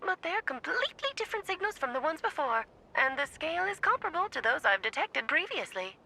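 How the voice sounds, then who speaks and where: A gravelly, bright researcher. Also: female voice, sits high, sing-song, fairly quick, heavily acted, low-quality recording. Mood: analytical. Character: curious, brisk woman researcher.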